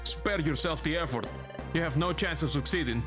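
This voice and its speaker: A man reading the lines of a smug, scheming male ghost villain from a video game, mocking and slow, over background music. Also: on the high side, close to an everyday voice. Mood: taunting.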